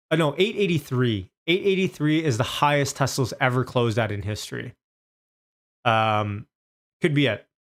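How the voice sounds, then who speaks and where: A man hosting a live stock market stream, excitedly calling out prices as they move and often repeating himself. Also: medium pitch.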